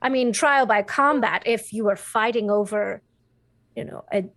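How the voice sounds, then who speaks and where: Woman, tabletop player, hesitant, fairly high voice, dry close sound. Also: moderate pace, fairly bright tone, no room sound. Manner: hesitant, full of fillers and trailing starts. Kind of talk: casual tabletop game chat.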